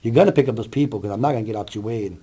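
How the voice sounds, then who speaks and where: A man's voice: lowish voice, rapid-fire, mellow, slightly rough. A plainspoken man telling about a rescue in an interview. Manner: blunt, plainspoken. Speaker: volunteer rescuer. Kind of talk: interview storytelling.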